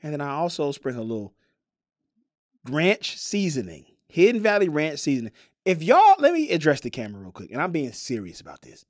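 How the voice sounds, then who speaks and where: A man with a Southern American accent, co-hosting a podcast in casual chat, playful and animated as he walks through a recipe step by step. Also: a little high, brisk, no room sound, studio quality. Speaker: podcast co-host.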